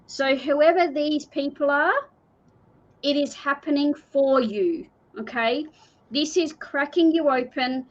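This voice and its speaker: A woman's voice: high-pitched, slow pace. An Australian woman giving a live intuitive card reading in an earnest, repetitive, pleading manner. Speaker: card reader. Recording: dull lo-fi stream audio.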